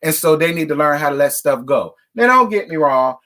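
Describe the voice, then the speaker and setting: A man's voice: a little high, lively intonation, brisk, bright, forceful tone. A man hosting a casual reality TV recap, talking bluntly and profanely in a scolding tone. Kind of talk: casual commentary rant.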